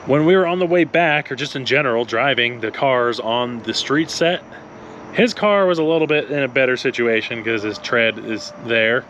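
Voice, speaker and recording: A man's voice: mid-range voice, moderate pace, fairly bright tone, muffled recording. A man tells a road-trip story in a casual car vlog. He rambles, stumbles over his words and laughs a lot. A faint hum of outdoor noise runs behind his voice. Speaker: co-host of car channel.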